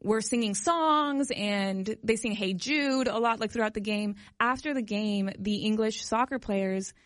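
A woman's voice: mid-range voice, a little slow, dry recording, studio quality. A woman co-hosting a radio show, telling a story in a chatty way with lots of "like". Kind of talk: casual radio chat.

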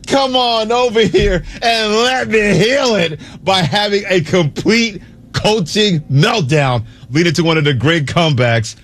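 A man's voice: high-pitched, fairly bright tone, pitched above the performer's own voice. A man doing a male basketball coach cast as a faith healer, crooning and drawn out. The voice sits well above his own and lingers on every phrase. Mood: mock soothing. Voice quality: slow, crooning, sermon-like.

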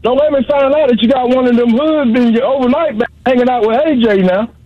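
A man's voice: very high voice, fairly quick. A man calling in to a radio show, teasing and rambling in slang. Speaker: caller. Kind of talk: call-in radio banter. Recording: dull, dry phone-line sound.

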